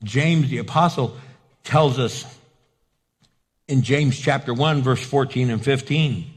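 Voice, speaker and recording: A man's voice: medium pitch, slow, pauses often, breathy edge. A male pastor preaching a sermon with emphatic repetition and rhetorical questions.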